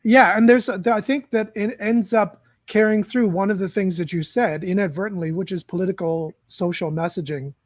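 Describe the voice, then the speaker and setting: A man hosting a casual conversation about films, speaking in a measured, reflective way and often searching for words. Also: sits high, fairly even intonation, dry recording, studio quality. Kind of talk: casual film chat.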